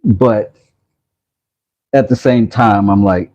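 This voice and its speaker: Husky low-voiced man rambling on a stream. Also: a little slow, a little mellow, muffled recording. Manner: rambling, self-mocking, reads chat messages aloud. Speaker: woodworking livestream host. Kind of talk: casual livestream chat, reading comments aloud.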